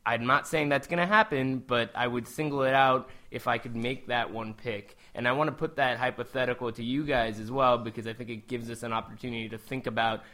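Male podcast host, clear and bright, casual reflective chat. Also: mid-range voice, fairly even intonation, fairly quick, few pauses. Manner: thoughtful, conversational, restarts when building a point.

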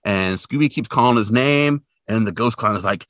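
A man's voice: on the low side, moderate pace, fairly bright tone, dry recording. A man co-hosting a podcast, recapping a cartoon episode in casual, wry chat and swearing bluntly. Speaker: podcast co-host.

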